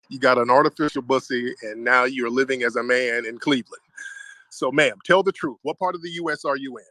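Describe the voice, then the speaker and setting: A man's voice: medium pitch, bright, forceful tone, no echo, low-quality recording. Mock-formal man roasting a caller. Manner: mock-formal roasting, keeps calling her ma'am. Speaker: host of an online audio show. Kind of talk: roasting exchange in an online audio room.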